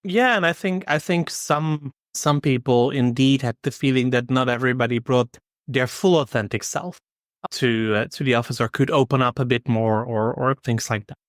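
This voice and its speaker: A man co-hosting a podcast, talking in a calm, measured way with dry humor. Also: mid-range voice, no echo. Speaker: podcast co-host. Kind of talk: casual chat.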